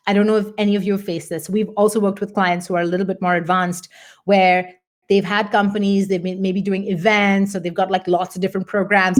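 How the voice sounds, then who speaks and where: A middle-aged woman coach giving a candid motivational talk, earnest and animated, acting out her own past thoughts. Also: mid-range voice. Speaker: business coach.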